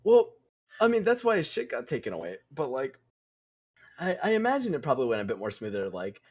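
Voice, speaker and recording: A man's voice: mid-range voice, huge pitch swings, brisk, breathy edge. A young man hosting a podcast, telling a story casually while gaming, rambling and swearing. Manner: rambling, profane, restarts and laughs. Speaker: podcast host.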